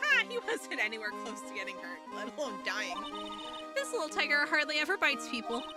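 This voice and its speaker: A woman's voice: high voice, sing-song, a little fast, over loud music. Woman doing a breezy, flirty circus tamer.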